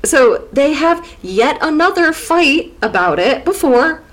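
A woman's voice: high-pitched, very animated, slow pace, noisy background. A woman co-hosting a podcast, sarcastically recapping a novel in casual chat and laughing often. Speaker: podcast co-host.

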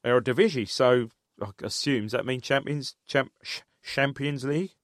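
A man co-hosting a football podcast, relaxed and reacting quickly. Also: mid-range voice, no echo, clean studio sound. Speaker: podcast co-host. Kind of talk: casual football chat.

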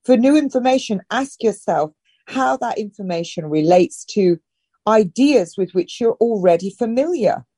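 A woman's voice: medium pitch, animated, warm tone, husky, no echo, studio quality. A middle-aged woman from northern England, a health and wellness guest, giving direct, emphatic advice in a casual interview. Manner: direct and emphatic, with brisk instructions.

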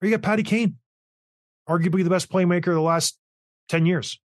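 Upbeat sports host, man, voice sits a bit high, dry close sound, excitable and quick with questions. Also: no room sound. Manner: excitable, rapid-fire questions. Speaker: sports talk show host. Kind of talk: casual hockey chat.

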